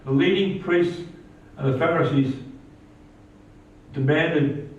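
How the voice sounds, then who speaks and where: Male pastor, animated sermon delivery, heard from a distance in an echoey church, slightly dull sound. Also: takes it slowly. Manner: animated preaching, rising pitch on quoted lines.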